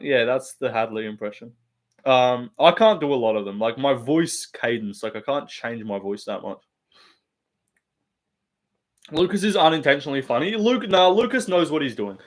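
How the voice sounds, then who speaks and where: A man's voice: mid-range voice, animated, fairly quick. A young man rambling casually and profanely on a live stream, laughing often and reading chat.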